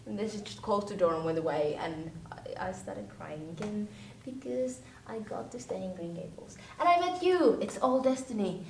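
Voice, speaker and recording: A woman's voice: animated, normal speed, gravelly, hardly any pauses, a little mellow. A young woman acting as an earnest teenage orphan girl, telling her story to a friend in a rambling, hesitant vlog style. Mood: animated. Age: teens. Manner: rambling, hesitant, full of restarts and fillers. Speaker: actor in a vlog-style web series. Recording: roomy sound from a distant mic, faint rumble.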